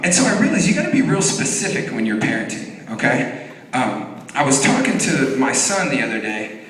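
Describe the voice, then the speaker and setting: Animated stand-up comic in an echoey hall. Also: male voice, mid-range voice, distant mic. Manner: animated storytelling, profane, acts out voices. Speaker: stand-up comedian. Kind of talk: stand-up comedy set. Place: comedy venue stage, live audience.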